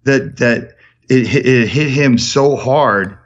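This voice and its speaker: A man guesting on a podcast, telling stories in an energetic, animated way. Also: medium pitch, dull audio. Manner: energetic storyteller, rapid and animated. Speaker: podcast guest, charity founder. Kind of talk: casual podcast conversation.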